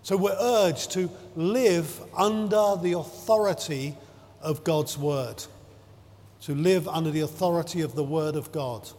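A man preaching a sermon in a measured, emphatic way, drawing out his phrases and stressing key words. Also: on the high side, darkish tone. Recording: long hall reverb.

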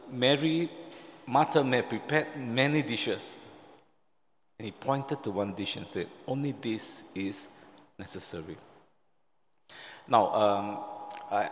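A man's voice: mid-range voice, slight background noise. Man preaching in a reverberant hall. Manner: conversational, with pauses and restarts, acting out quotes. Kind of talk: sermon.

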